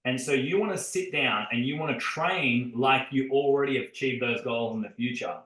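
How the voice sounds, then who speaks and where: Bright-voiced male podcast co-host, roomy sound. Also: medium pitch, moderate pace. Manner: energetic storytelling, addresses listeners directly. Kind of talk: casual podcast chat. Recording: roomy echo.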